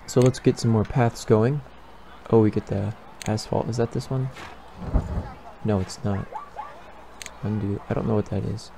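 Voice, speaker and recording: A man's voice: lowish voice, steady tone, unhurried, creaky, pauses often, noisy background. A young man giving casual let's-play commentary, rambling and thinking aloud as he builds. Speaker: gaming YouTuber.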